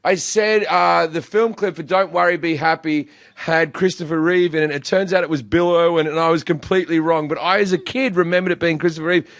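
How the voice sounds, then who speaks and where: Australian male comedian host, crude self-mocking banter, slightly high pitch, dry close sound. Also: fairly even intonation, brisk, hardly any pauses, dry recording. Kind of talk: casual podcast chat.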